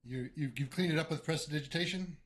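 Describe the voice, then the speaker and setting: A man running a tabletop game as game master, talking haltingly with many fillers and restarts. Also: fairly high pitch.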